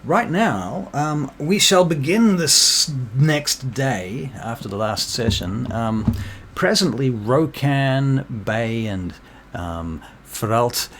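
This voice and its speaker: A man with a hoarse, worn voice narrating as game master, rambling with fillers and self-deprecating asides. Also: medium pitch, animated, takes it slowly, hardly any pauses, fairly bright tone, slight background noise. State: losing his voice, clearing throat.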